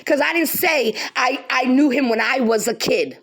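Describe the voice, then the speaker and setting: A woman's voice: sits high, normal speed, fairly bright tone. A woman vlogger delivering an angry direct-to-camera rant, heated and profane, repeating lines for emphasis.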